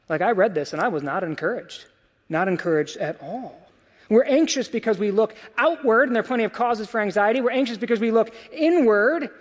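A man preaching a sermon as pastor, talking conversationally, with rhetorical questions and lots of "right?" and "of course". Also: high-pitched. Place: church sanctuary. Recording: long hall reverb.

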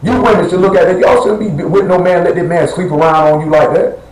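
A man's voice: sits high, steady tone, a little fast, a little mellow. Blunt preacher man in an echoey room. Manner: blunt, conversational, quizzes the congregation. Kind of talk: sermon. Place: church assembly hall.

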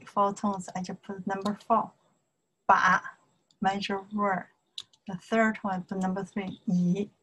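A woman teaching Chinese in a slow lesson, drawing out syllables and checking in with "okay" all the time, in simple English as a native Chinese speaker. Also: medium pitch, a bit bright, rough recording. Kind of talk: slow whiteboard language lesson.

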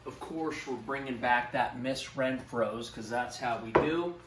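In a very noisy, roomy recording made with the mic at a distance, a man with a mid-range voice talks a little slowly. He's hosting a casual cooking demonstration in his kitchen, cursing and getting hyped about the food.

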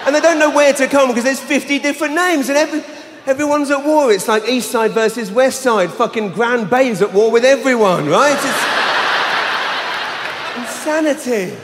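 Male stand-up comic, high voice, arena reverb, shouty storyteller. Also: slight background noise. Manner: animated storytelling, bursts of shouting. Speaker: stand-up comedian. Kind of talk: live stand-up comedy. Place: large arena stage. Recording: live arena with long reverb.

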